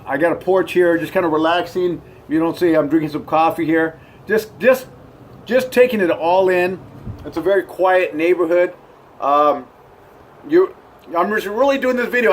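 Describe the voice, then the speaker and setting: A middle-aged man talking to camera outdoors on his porch, his voice sitting a little higher than most men's. He rambles in an upbeat, easygoing way, circling back with ums, uhs and restarts. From United States. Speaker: vlogger. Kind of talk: casual rambling vlog to camera.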